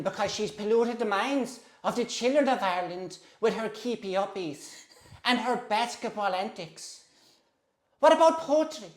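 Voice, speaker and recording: A man's voice: very high voice, voice pushed up. A man doing an impression of an elderly male head of state, declaiming in a raised, indignant voice. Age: older. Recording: roomy echo.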